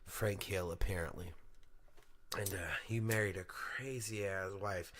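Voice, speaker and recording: A young man hosts his own podcast with a slangy, profane, hyped-up delivery. His voice sits somewhat low, yet it comes across bright and forceful, with energy pushed straight at the listener. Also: fairly even intonation, unhurried, a little hiss or hum. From Sacramento, California. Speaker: podcast host. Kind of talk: casual monologue podcast.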